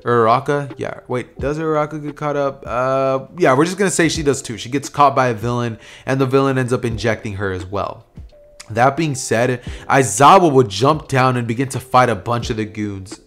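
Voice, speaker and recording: A man's voice: mid-range voice, moderate pace, a bit bright, soft background music. A man casually narrating a fan-made what-if story, rambling and thinking aloud, correcting himself as he goes. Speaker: YouTube storyteller.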